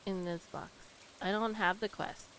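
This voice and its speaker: A young woman streamer chatting casually while she plays, animated and often laughing between lines. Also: medium pitch, moderate pace, slight background noise, poor audio. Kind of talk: casual chat while gaming.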